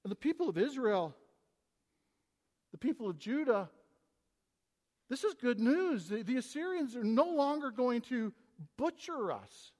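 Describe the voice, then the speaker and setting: A man with a high voice preaches a sermon, rising to loud, emphatic scripture readings and then dropping low and quiet. His voice rings out through a long church reverb. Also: very animated, measured pace, pauses often. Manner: preaching with big swings between loud emphasis and quiet asides. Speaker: pastor.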